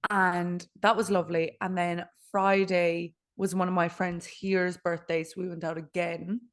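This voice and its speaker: Podcast co-host: young woman, slightly low voice, lively storyteller. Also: unhurried. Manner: animated storytelling, laughing often. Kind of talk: casual chat.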